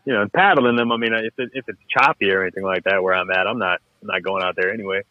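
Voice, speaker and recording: A man with a Cajun Louisiana accent chats easily as a podcast guest, drifting through his points with restarts. His voice sits fairly low. It comes through a thin, dry, phone-like line. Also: quick pace, dry recording. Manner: laid-back, rambling with restarts. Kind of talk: casual chat.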